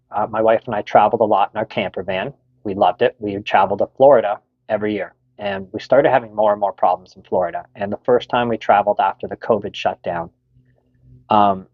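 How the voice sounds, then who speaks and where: A man's voice: lowish voice, no room sound, lo-fi sound. A middle-aged Canadian man candidly telling a personal story, frank and swearing freely, with many fillers.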